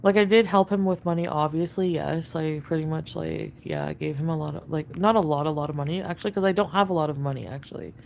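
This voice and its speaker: A woman's voice: sits low, fast, creaky, few pauses, a little mellow, slight background noise. A young woman talking on a livestream, rambling and repeating herself, swearing freely as she goes. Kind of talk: livestream chat.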